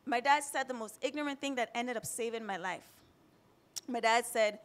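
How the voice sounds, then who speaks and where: A woman's voice: fairly high pitch, fairly quick, a bit bright. A woman in her thirties from Jamaica, telling her own story on a panel in a candid, emotional way, close to tears at times. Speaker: panelist sharing personal story. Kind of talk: personal testimony on a panel.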